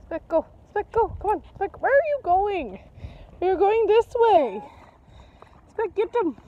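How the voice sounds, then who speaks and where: Playful high-voiced woman talking to dogs. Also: sing-song, measured pace, narrow, tinny audio. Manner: playful, sing-song, baby-talk to animals. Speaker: vlogger walking her dogs. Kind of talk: casual chat to her pets while filming. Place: outdoors. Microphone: handheld camera or phone.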